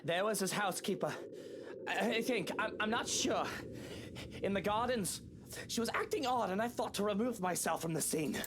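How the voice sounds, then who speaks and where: A man voicing a haughty wealthy gentleman with an imperious, indignant way of talking. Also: mid-range voice, sing-song, moderate pace, background noise. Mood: shaken. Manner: imperious, indignant, swearing when scared. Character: haughty wealthy young gentleman, easily rattled.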